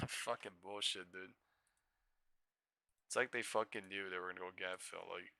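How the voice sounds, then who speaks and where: A man's voice: low-pitched, steady tone, moderate pace, sharp tone, clean tone, no room sound. A tired young man live-streaming stock trades, talking to himself in incredulous, swearing bursts. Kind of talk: live trading stream commentary.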